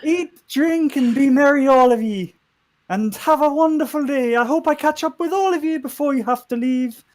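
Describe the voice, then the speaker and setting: A proud, cheerful female sea captain greets her party guests in a high, showy voice with a wobbly Celtic lilt, as a man puts her on. Her pitch leaps and swoops widely as she plays to the room. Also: animated, a little slow, gravelly, exaggerated voice, rough recording. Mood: merry. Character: proud female ship captain, festive hostess.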